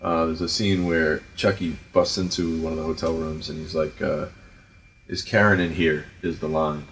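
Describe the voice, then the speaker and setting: A middle-aged man with a Providence, Rhode Island accent, hosting a casual chat and telling stories about directing in an animated, profane way with lots of fillers. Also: rumbling low, normal speed, slight background noise. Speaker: podcast host and film director.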